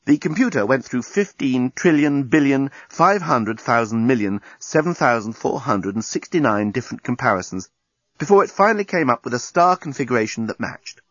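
A man narrating an audiobook in a lively, expressive reading. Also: mid-range voice, moderate pace, breathy edge, no room sound. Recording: dull dry recording.

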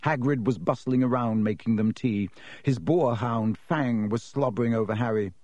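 A man narrating a children's novel as an audiobook reader, telling the story in a lively way. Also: medium pitch, normal speed, no room sound. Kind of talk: scripted narration.

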